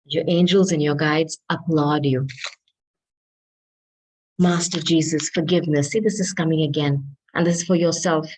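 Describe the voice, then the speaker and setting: Lowish-voiced woman giving a tarot reading. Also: steady tone, darkish tone, a little hiss or hum, poor audio. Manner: earnest, coaxing, repeats "okay?" to the listener; reads card messages aloud slowly. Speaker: tarot reader.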